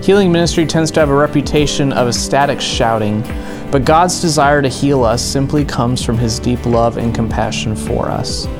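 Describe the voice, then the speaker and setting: Pastor guy, calm measured intro, guitar playing behind him. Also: medium pitch. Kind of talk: recorded sermon introduction. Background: guitar music.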